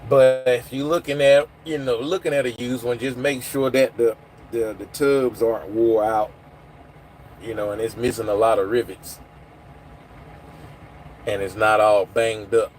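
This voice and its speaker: A man's voice: mid-range voice, steady tone, measured pace, long pauses, a little mellow. A man hosting a casual livestream from his phone, rambling and answering viewers' comments. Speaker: livestream host. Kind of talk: casual live chat with viewers.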